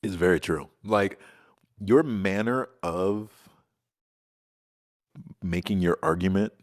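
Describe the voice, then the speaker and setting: A man's voice: low voice, slow. A man co-hosting a casual podcast chat, making wry, teasing remarks. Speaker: podcast co-host.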